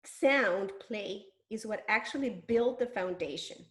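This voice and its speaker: A woman teaching early reading, sounding out syllables slowly and clearly with exaggerated mouth movements and patient encouragement. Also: medium pitch, reverberant. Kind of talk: demonstration lesson.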